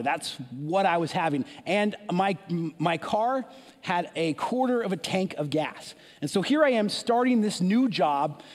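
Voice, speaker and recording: Higher-voiced man preaching in a reverberant hall. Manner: animated storytelling with restarts and asides. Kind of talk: sermon storytelling.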